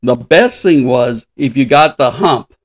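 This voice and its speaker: A man in his sixties hosts a podcast, chatting casually in an unhurried mid-range voice and laughing often as he retells stories.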